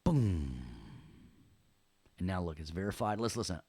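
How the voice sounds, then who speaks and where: A man teaching an audio software lesson in a casual, playful way, tossing in corny jokes between the steps. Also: low-pitched, expressive, a little slow, background noise. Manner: playful, joking, chatty with corny puns. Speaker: audio production instructor.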